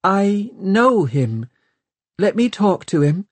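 A man's voice: a little high, big pitch swings, takes it slowly, a little mellow, breathy edge, dry recording, pitched above the performer's own voice, full character voice. A man voicing a tough, guarded young woman in an audiobook, in a raised, clipped, tense voice. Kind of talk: audiobook character voice.

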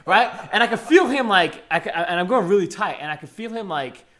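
A man's voice: high voice, animated, a little fast, fairly bright tone. A young man in his twenties telling a rowdy story in casual chat, full of slang and swearing. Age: 20s.

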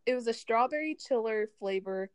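A woman's voice: a little high, normal speed, clean tone, dry recording. A woman in casual conversation, rambling and chatty and laughing often. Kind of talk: casual chat.

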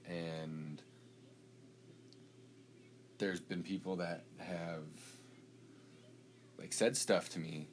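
A man's voice: low voice, extremely slow, pauses often, slight background noise. A man co-hosting a casual faith podcast, talking loosely and repeating words as he goes. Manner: relaxed, repeats words as he talks. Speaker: podcast co-host.

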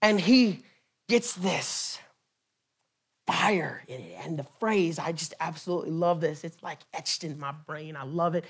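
A man preaching a sermon to a church, building from calm scripture reading to impassioned shouting. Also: a little high, a little slow, gravelly, husky.

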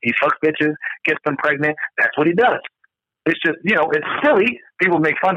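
A man's voice: on the high side, fairly quick, dry recording. A man co-hosting a casual podcast chat, ranting emphatically with a lot of profanity. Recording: dull lo-fi dry recording.

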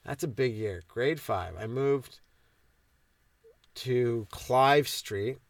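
A comedian talks through a meandering solo podcast bit at a middling pitch. He keeps breaking off his own sentences and throws in crude, deadpan irony. The recording is dry, with no room sound. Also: very slow, dry recording. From Ontario, Canada. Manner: meandering, self-interrupting, crude and ironic. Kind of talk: rambling comedic monologue.

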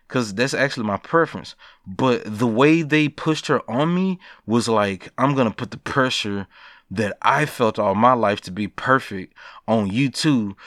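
A man hosting a solo podcast, talking in a blunt, profane, animated way and laughing between rants. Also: medium pitch, clear, resonant tone, dry recording, studio quality. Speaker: podcast host. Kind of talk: casual solo podcast rant.

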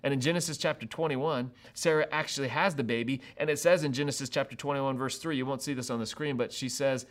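A pastor preaching a sermon to an online audience, acting out people's reactions with laughs and quick asides. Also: male voice, mid-range voice. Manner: animated, acts out quoted reactions with laughs.

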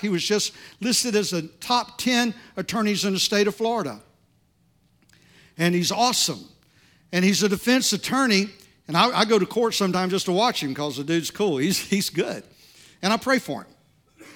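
High-voiced animated male pastor. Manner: animated, loud, conversational. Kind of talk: sermon with storytelling. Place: church.

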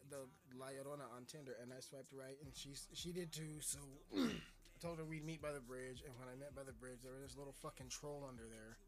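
A man's voice: mid-range voice, steady tone, fairly quick. A man hosting his own podcast, rambling and joking with lots of swearing. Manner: rambling, profane, jokey. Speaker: podcast host. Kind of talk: casual solo podcast chat.

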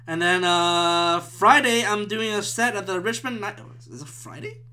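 Male podcast host, bright sharp tone, agitated and profane, loud bursts then mutters. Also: sits high, measured pace. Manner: agitated, profane, swings between loud outbursts and muttered whispers. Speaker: podcast host and stand-up comedian. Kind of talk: rambling solo podcast rant. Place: room at home with a window.

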